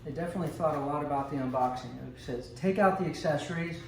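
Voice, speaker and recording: A relaxed man talks his way through an unboxing at home, rambling with ums and little asides, his voice a bit higher than most. He sits back from the mic in an echoey room. A steady hiss of noise runs under him. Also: quick pace. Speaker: vlogger unboxing a coffee maker. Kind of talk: casual unboxing commentary. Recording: echoey room, distant mic, noisy background.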